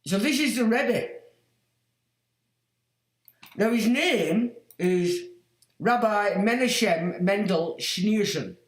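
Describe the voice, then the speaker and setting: A blunt man hosts a casual livestream, rambling, muttering asides and swearing freely. His voice sits a little high for a man. The sound echoes around a roomy space. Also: expressive, slow, long pauses. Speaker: livestream host. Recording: roomy echo.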